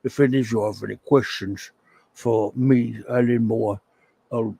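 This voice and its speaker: A man putting on a gruff, swearing older English comics writer in a mock English accent, grumbling. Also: medium pitch, steady tone, measured pace, dark tone, no echo. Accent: put-on English.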